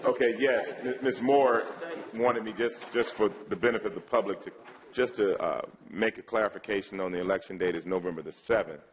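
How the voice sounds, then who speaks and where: A man chairing a city council meeting, making halting announcements and calling speakers. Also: on the low side. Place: council chamber. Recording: crowd noise in chamber.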